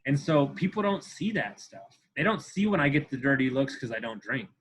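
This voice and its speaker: A man's voice: mid-range voice, sing-song, fairly quick, fairly bright tone, slight background noise, rough recording. A man in his thirties talking as a podcast guest, intense and profane, repeating himself for emphasis. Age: 30s. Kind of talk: candid interview talk.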